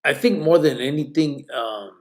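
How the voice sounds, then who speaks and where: This live podcast host has a slightly mellow voice on the high side and talks at normal speed. Tired and yawning, he reads chat comments aloud loosely and ramblingly, mixing in Spanish slang during casual live-stream chat.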